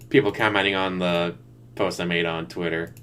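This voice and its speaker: A man's voice: sits low, a bit bright, slight background noise. A man giving sarcastic, mocking running commentary while he watches another streamer's broadcast. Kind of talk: casual reaction commentary. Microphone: desktop USB mic.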